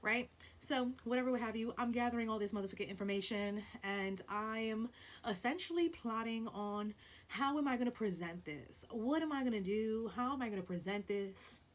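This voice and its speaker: A woman telling a story on her vlog in a blunt, profane, animated way, with loud stresses and hushed asides. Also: fairly high pitch, normal speed. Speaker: vlogger.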